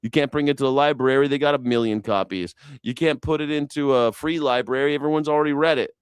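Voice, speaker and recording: A man's voice: mid-range voice, fast, clean tone, no echo, clean studio sound. A man hosting a news reaction show, riffing sarcastically in rambling, profane commentary. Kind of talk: casual comedic commentary.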